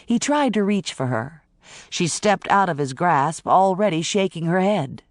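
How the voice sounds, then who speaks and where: Slow, expressive woman audiobook narrator. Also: lowish voice, no room sound, clean studio sound. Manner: even, unhurried storytelling. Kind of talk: scripted narration.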